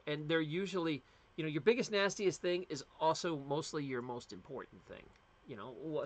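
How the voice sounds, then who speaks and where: A man's voice: fairly high pitch, a bit bright. A middle-aged man from the United States, hosting a casual livestream and chatting in a rambling way with plenty of fillers and restarts. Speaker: livestream host.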